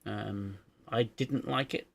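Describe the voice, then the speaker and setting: A man's voice: on the low side, takes it slowly, vocal fry, a bit bright, no echo. A man hosting a casual livestream chat, hesitant and self-deprecating, often restarting his sentences. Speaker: livestream host.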